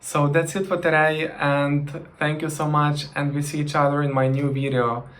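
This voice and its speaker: A man's voice: fairly high pitch, level tone, normal speed, fairly bright tone. A man teaching a language lesson, repeating each example phrase twice.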